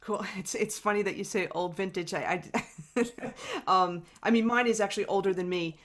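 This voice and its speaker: A woman's voice: medium pitch, normal speed. Woman podcast host, easygoing and affirming. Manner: friendly, short affirmations, hesitant fillers. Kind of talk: casual interview.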